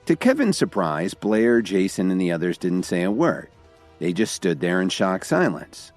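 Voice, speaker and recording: A man reading a dramatic story aloud in a deep voice. His pitch moves in a lively way through the telling. Faint music plays beneath him. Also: moderate pace. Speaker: narrator. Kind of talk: storybook narration.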